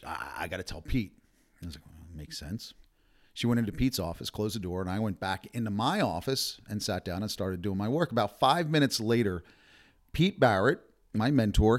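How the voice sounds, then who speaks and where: A man with a fairly low voice hosts a podcast from a hotel room. He tells his stories with animation and plays out the other people's lines. It sounds like casual talk between friends. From New Jersey. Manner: animated storyteller acting out quoted dialogue. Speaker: podcast host. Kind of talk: storytelling podcast chat.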